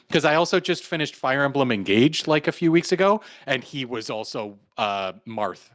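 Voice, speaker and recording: Man, podcast co-host, casual chat, rambling, filler-heavy, mid pitch, dry close sound. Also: animated, moderate pace, hardly any pauses, a bit bright, no room sound. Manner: rambling, full of "like" and "um".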